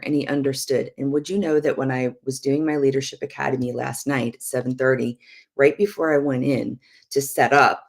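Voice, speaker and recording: A woman's voice: extremely low pitch, vocal fry. A middle-aged woman minister teaching through a personal story, acting out the quotes with frequent laughter. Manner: lively storyteller, acts out quotes, laughs often.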